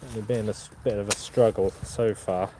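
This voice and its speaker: A man's voice: lowish voice, steady tone, brisk. A man with a Norfolk accent, live-streaming from a farm field and chatting casually with his viewers. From Norfolk, England. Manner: chatty, answers viewer chat, chuckles often. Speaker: metal detecting channel host. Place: open farm field outdoors. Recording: outdoor field noise.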